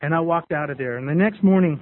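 Guy with a high voice telling his recovery story, sounds tinny like a phone on the radio. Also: fast. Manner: candid, repetitive storytelling. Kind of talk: personal testimony to a group.

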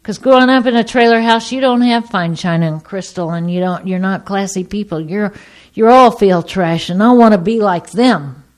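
A woman's voice: mid-range voice, moderate pace. Middle-aged woman telling her story. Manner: lively storyteller who acts out the voices in her story. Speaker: speaker sharing her recovery story. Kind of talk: personal testimony to an audience.

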